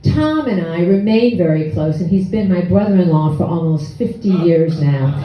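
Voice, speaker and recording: A woman in her sixties telling a personal story on stage, wry and animated, acting out her own past lines. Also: on the low side, moderate pace, crowd noise. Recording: echoey hall, distant dull mic.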